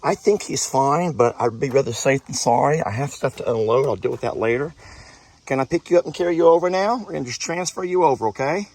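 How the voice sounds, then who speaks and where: In an emotional nighttime farm vlog, a goat farmer speaks tenderly to an injured animal outdoors and chokes up while talking to his viewers. He talks fast in a medium-pitched, slightly mellow voice with lively intonation.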